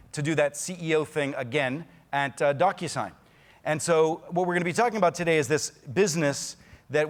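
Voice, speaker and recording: A man interviewing a guest on stage, talking haltingly with many fillers. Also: on the high side.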